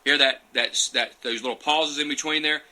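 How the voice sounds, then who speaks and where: Bright-toned man chatting on a phone. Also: on the high side, steady tone, moderate pace, poor audio. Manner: chatty, loose and digressive, reading out comments as he goes. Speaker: champion turkey caller answering viewer questions. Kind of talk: casual live Q&A and demonstration.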